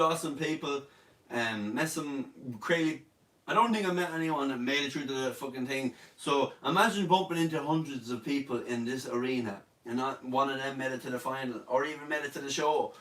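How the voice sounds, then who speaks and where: A man's voice: mid-range voice, a little fast, a bit bright. A young man with an Irish accent, sick in bed and hosting a casual live Q&A, joking and boasting as he reads out viewer comments. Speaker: online comedian hosting a live Q&A. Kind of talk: casual live-stream chat. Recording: roomy sound, distant from mic.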